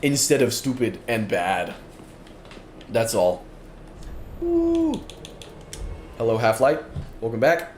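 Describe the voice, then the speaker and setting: A man's voice: medium pitch, sing-song, slow, long pauses, a little mellow. A tired, yawning man streaming a game, chatting casually and self-deprecatingly, repeating his phrases as he plays at his desk. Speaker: gaming streamer. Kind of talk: casual let's-play commentary. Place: room at a gaming desk with monitors. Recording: roomy sound with background noise.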